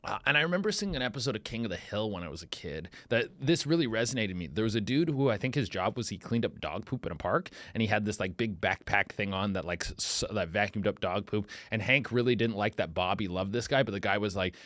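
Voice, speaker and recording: A man in his thirties hosting a comedy podcast, riffing in a profane, rambling monologue that swings from mumbled asides to loud outbursts. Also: fairly low pitch, expressive, fast, few pauses, dry recording.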